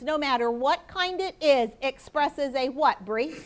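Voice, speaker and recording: A woman teaches a class in a bright, high voice, patient and clear as she quizzes students one by one. A faint hiss sits under the classroom recording. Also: unhurried. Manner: clear, patient questioning, calls on students by name. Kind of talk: classroom lesson to students and viewers.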